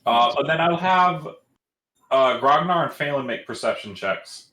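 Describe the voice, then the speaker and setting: A man's voice: a little high, expressive, measured pace, bright, forceful tone, reverberant, poor audio. A man narrating as game master in a loose, casual way, full of fillers.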